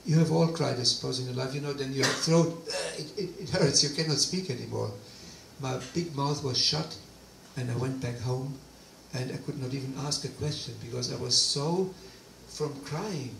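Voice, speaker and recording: A man giving a personal testimony talk, animated storytelling with quoted dialogue, in a hall. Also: medium pitch, moderate pace, gravelly, noisy background. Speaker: guest speaker. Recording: roomy distant hall recording, faint ambience.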